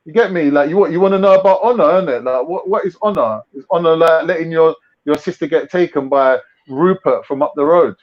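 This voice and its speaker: A young man with a London accent hosting a casual livestream chat, full of mocking slangy banter. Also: a little high. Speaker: livestream host. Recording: lo-fi livestream audio.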